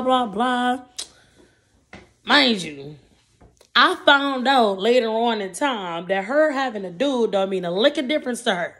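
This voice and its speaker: A woman in her twenties telling a rambling story in a casual vlog, full of fillers, eating between sentences. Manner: chatty and rambling, with many fillers like "okay, boom". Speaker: vlogger.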